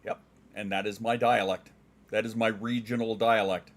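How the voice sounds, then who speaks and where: Casting note: middle-aged Western Canadian guy, lowish voice, crisp ex-DJ diction, jokey stream chat. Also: level tone, moderate pace. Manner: clear enunciating, trained voice; joking, dad jokes. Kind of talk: casual chat reading viewer comments.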